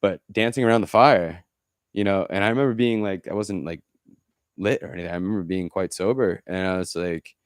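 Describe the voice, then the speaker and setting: Low smooth voiced guy rambling thru a story, lots of ums and restarts, dry close mic. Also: fairly quick, no room sound. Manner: mimics people in quoted asides. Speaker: podcast co-host. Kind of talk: casual chat.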